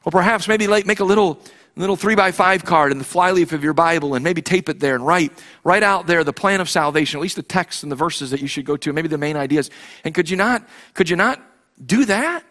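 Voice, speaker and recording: A man with a fairly high voice delivers a heartfelt sermon from the pulpit. He presses his congregation with repeated rhetorical questions and restarts his phrases as he goes. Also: brisk, a bit bright. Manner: impassioned, repetitive, with frequent restarts and rhetorical questions. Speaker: pastor.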